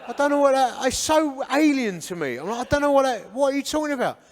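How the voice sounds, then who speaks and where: Brief: English man, fifties, high voice, animated church testimony, long hall reverb. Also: fast talker. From England. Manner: animated storyteller who acts out what people said. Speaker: guest speaker giving his life story.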